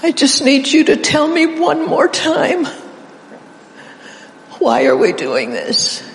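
A preacher acting out Jesus crying to God in anguish, pleading high and strained. The voice is slow and gravelly, and it rings out through a reverberant church hall. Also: wildly swooping pitch, a little hiss or hum, full character voice. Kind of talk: sermon.

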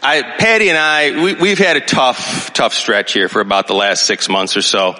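Man, 60s, pastor, conversational sermon, lively storyteller, bright forceful voice, long hall reverb. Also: mid-range voice, normal speed. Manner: conversational, animated storytelling, checks in with listeners.

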